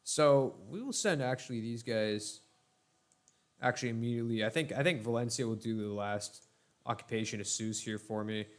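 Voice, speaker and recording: A young man casually commentating his own strategy game playthrough for viewers, chatty and laid-back, talking to them as ladies and gentlemen. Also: medium pitch, normal speed. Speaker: let's play host.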